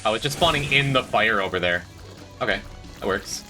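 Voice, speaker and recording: A man's voice: on the low side, lively intonation, fairly quick. A man streaming a game, chatting with viewers in a dry, joking way. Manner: dry, joking, talks to chat. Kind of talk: casual gameplay commentary. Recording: faint music behind.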